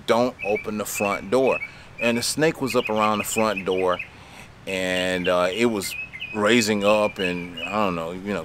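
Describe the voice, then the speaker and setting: Low-voiced rambling man. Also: background noise. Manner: rambling, laughs often, many fillers. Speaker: lawn care business owner. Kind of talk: casual storytelling to camera.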